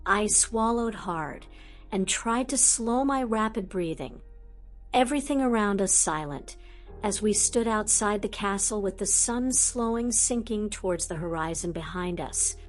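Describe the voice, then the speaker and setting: A woman narrating a first-person audiobook in a soft, measured way. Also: medium pitch, lively intonation, faint music behind.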